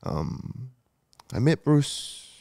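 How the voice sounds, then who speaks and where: A man's voice: medium pitch, very animated, extremely slow, creaky, warm tone, no echo, clean studio sound. A man in his thirties, a podcast guest, telling his story candidly and emotionally, with lots of swearing, fillers and restarts. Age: 30s.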